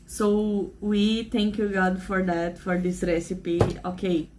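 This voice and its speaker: A woman's voice: medium pitch, fairly even intonation, takes it slowly, background noise. A Brazilian woman with a Brazilian Portuguese accent, a native Portuguese speaker, talking earnestly and emotionally in rambling English in a casual vlog to camera. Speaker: vlogger.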